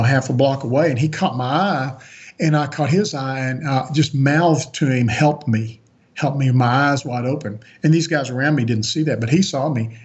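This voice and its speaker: A man's voice: medium pitch, darkish tone, slightly rough, dull audio. A man on a podcast as a guest, earnestly recounting a personal story with frequent restarts.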